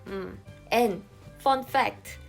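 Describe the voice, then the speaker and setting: A woman's voice: mid-range voice, very slow, gravelly, soft background music. A young Korean woman with a Korean accent, teaching a casual language lesson and playfully acting out short examples.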